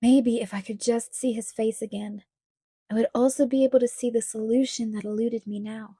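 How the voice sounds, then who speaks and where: A woman narrating a novel aloud in a measured, even storytelling manner. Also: fairly high pitch, slightly rough, no room sound, clean studio sound. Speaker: audiobook reader. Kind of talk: scripted narration.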